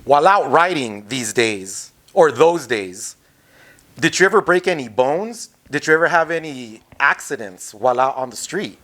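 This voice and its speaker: A man's voice: mid-range voice, lively intonation, normal speed, fairly bright tone. A man interviewing a guest, asking short, curious, direct questions.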